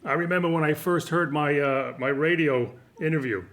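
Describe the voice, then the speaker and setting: An actor reading the part of a clueless, defensive husband in a sitcom table read, stammering and wisecracking over a video call. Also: male voice, a little high, normal speed, fairly bright tone. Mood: sheepish.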